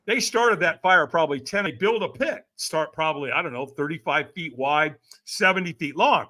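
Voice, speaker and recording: A man's voice: fairly high pitch, animated, moderate pace, hardly any pauses, pushed and bright. A middle-aged man telling a personal story as a podcast guest, acting out the other voices with big swings. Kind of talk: animated storytelling.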